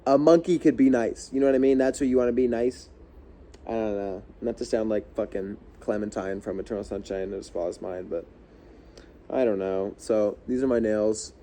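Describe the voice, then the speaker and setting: A man's voice: lowish voice, fairly even intonation, moderate pace, warm tone, slight background noise. A young man ranting casually to camera as a vlogger, heated and rambling, swearing often and restarting his sentences.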